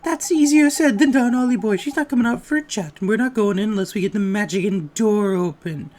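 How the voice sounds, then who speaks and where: A game player voicing a cheeky, excitable male fairy sidekick who talks in slang, reading game dialogue aloud. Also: medium pitch, fairly quick, close to an everyday voice.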